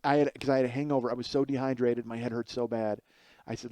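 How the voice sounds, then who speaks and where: On his own podcast, a comedian in his forties tells a comic story, rambling, swearing freely, and mocking himself. He talks fast in a mid-pitched, dark voice with fairly even intonation. The headset mic gives a dry, close sound with no room echo.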